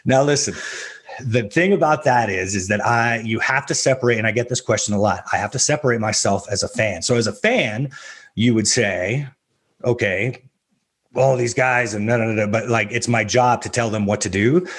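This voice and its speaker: A middle-aged man, a coach, telling stories on a podcast in a casual, animated, self-deprecating way. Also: medium pitch, normal speed, husky. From US Southwest. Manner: animated, self-deprecating, laughs often, acts out quoted voices. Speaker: MMA coach, podcast guest. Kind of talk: casual storytelling interview.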